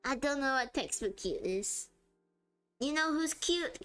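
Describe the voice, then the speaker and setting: Giggly woman streamer with a slightly high voice and faint music underneath, casual live chat while drawing. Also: lively intonation, measured pace, fairly bright tone. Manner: giggly and chatty, often laughing mid-sentence.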